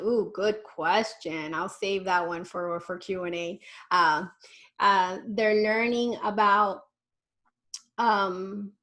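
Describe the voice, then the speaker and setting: A woman in her forties, a parenting educator, giving an online lecture in a lively, conversational way and addressing parents directly with rhetorical questions. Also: mid-range voice, slow pace. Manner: animated, speaks straight to parents with rhetorical questions; conversational, with fillers and restarts.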